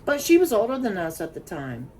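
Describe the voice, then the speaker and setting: A woman telling stories and acting out an improvised doorstep scene, animated and bossy as she directs it. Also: mid-range voice, a little fast. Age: 30s or older. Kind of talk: casual chat and improvised role-play. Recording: noisy home recording.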